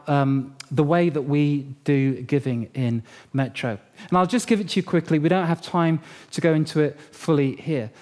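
Storytelling pastor, slightly high voice. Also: male voice. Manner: lively storytelling, animated and humorous. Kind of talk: sermon.

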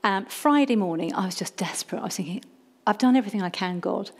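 A woman telling a lively personal testimony story, self-mocking and acting out her own past pleas. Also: mid-range voice, quick pace.

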